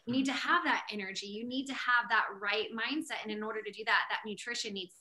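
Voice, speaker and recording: A woman hosts a podcast with a bright, somewhat high voice. She is talkative and outspoken, and she speaks with clear passion. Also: steady tone, quick pace. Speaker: podcast host. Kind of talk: casual interview chat.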